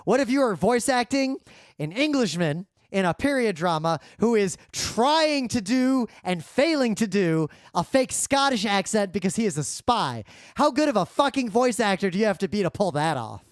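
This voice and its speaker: A man co-hosting a podcast in casual chat, emphatic and quick to jump in with asides. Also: high-pitched, very animated, no room sound, studio quality. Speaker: podcast co-host.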